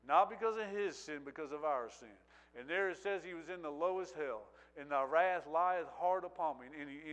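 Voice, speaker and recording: A fairly high-voiced man preaching, swinging between quiet asides and loud, drawn-out scripture reading. His voice rings out with a long reverb tail, as in a large church hall. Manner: reads scripture with rising intensity, repeated praise interjections.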